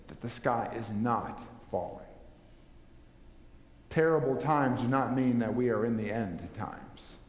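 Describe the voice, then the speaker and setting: A man's voice: a little high, a little mellow. A man preaching a sermon as pastor, earnest, building lists and asking rhetorical questions of his congregation. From Minnesota. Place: church sanctuary. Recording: echoey church hall with long reverb.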